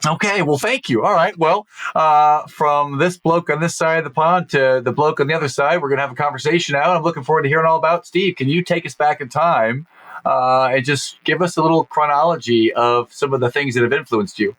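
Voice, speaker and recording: A man's voice: on the high side, brisk, a bit bright. A man hosting a podcast interview, upbeat and enthusiastic as he welcomes and questions his guest. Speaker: podcast host.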